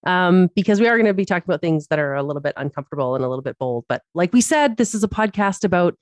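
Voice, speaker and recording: A woman co-host on a casual podcast, with a somewhat low voice. She talks openly and pokes fun at herself, laughs often and trips over her own sentences. The recording is dry and close, with no room sound. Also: expressive, racing, no room sound. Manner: candid, self-deprecating, laughs often, many restarts.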